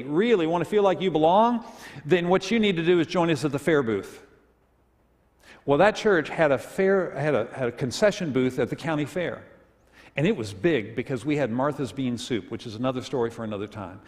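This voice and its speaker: Male pastor, fairly high voice, folksy storytelling sermon, long church reverb. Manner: leads congregation in reading aloud. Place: church sanctuary. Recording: echoey church hall.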